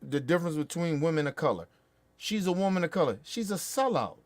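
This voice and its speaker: A man's voice: a little high, big pitch swings, fairly quick, no room sound. A man hosting a show, ranting about politics in a heated, profane way with angry bursts. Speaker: show host.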